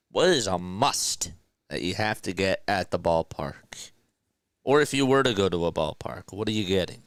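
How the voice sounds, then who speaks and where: A man calls a baseball game live for his stream, his voice low and smooth. He chats with his viewers between pitches, reading their comments aloud and joking around. The sound is dry and close. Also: fairly bright tone, dry recording. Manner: jokey, laughs at himself. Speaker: fan play-by-play streamer. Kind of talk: casual live play-by-play commentary.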